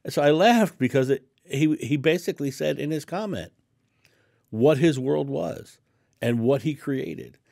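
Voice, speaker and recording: A man's voice: a little high, measured pace, gravelly, a little mellow, no room sound, clean studio sound. A man hosting his own channel, speaking straight to camera in a casual, emphatic monologue, repeating phrases for stress and laughing often. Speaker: channel host, spiritual speaker.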